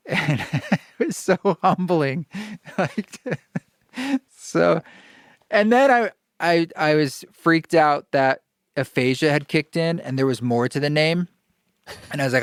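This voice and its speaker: A man telling a personal story in casual conversation, animated, stammering and restarting often. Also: medium pitch, moderate pace, no room sound, clean studio sound. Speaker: podcast guest, kirtan musician.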